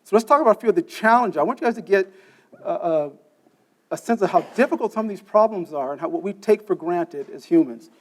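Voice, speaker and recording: A man's voice: sits high, expressive, fast talker, slight background noise. A man giving a conference lecture, explaining step by step, quizzing the audience and often checking in with "okay?". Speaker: conference speaker. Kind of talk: technical lecture. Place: conference session room.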